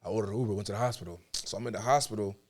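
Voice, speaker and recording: A young man from New York, a podcast guest, telling his story in casual, animated talk and acting out the dialogue. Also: fairly low pitch, racing. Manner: animated, tells stories with acted-out dialogue.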